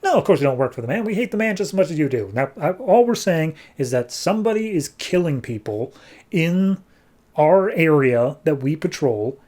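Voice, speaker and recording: A man's voice: on the high side, big pitch swings, darkish tone, pitched above the performer's own voice. A man playing an earnest female hero leader with an eager, persuasive manner. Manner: eager, persuasive, talks fast.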